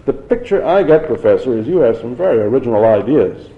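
A man's voice: medium pitch, very animated, fast, echoey room, narrow, tinny audio, natural voice. A man voicing a pushy male investigator who accuses a professor, needling and insistent. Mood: accusing.

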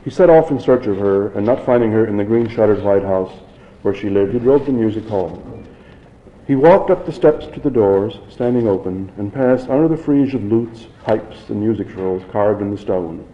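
A man's voice: lowish voice, normal speed, roomy sound, lo-fi sound. A man reading a novel aloud, unpolished, with some restarts. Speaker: reader.

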